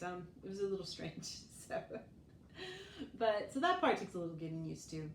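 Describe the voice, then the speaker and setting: A woman's voice: on the low side, lively intonation, moderate pace. A woman in her forties, chatting casually as a vlogger. She tells stories, laughs often and acts out what other people said. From United States. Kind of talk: casual storytelling chat. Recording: echoey room, mic at a distance, faint noise.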